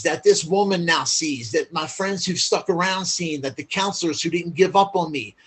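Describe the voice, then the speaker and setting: A man's voice: high voice, a bit bright, breathy edge. A man as a podcast guest, telling his story in a candid, blunt, profane way, full of "like" fillers.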